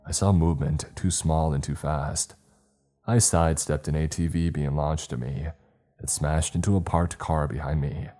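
A male storyteller reads a first-person horror tale in a steady, dramatic way. His voice is extremely deep and mellow-dark, and soft music hangs faintly behind him. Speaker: narrator. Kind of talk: scripted horror story narration.

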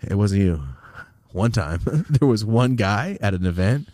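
A man co-hosting a casual podcast, swearing freely and acting out loud quoted voices as he tells stories. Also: on the low side, expressive, measured pace, dry recording, clean studio sound. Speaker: podcast co-host.

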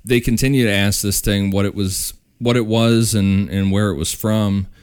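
A man hosting a podcast, telling a ghost story in a relaxed, casual way. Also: fairly low pitch, moderate pace, clean tone. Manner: relaxed, with fillers and restarts. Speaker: podcast host.

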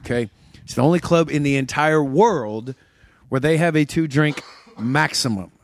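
Profane, animated man telling stories. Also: fairly high pitch, moderate pace, no room sound. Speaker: comedy producer and comedian. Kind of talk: casual podcast chat.

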